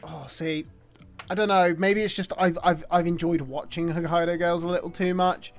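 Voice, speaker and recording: A man co-hosting a podcast in casual chat, animated and laughing, swearing freely. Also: high voice, moderate pace, faint music behind. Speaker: podcast co-host.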